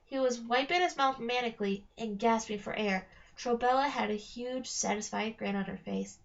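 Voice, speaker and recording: A woman reading a novel aloud in a steady storytelling manner, slowing on key phrases. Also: on the high side, vocal fry. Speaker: reader. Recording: dull lo-fi recording.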